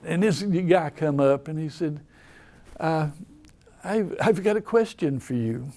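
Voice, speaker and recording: An older man with an Appalachian accent tells rambling, folksy stories in casual conversation. His voice is a little high and animated but dark in tone, and he speaks at a slow pace.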